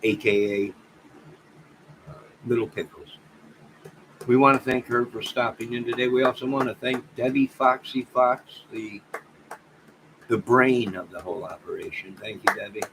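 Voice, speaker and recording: A man signs off his livestream in a loose, rambling way, joking and exclaiming as he talks to his chat. His voice sits at an ordinary middle pitch. A clear hiss of background noise runs under the home stream audio. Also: fairly even intonation, normal speed, pauses often. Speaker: livestream host. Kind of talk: casual livestream sign-off chat.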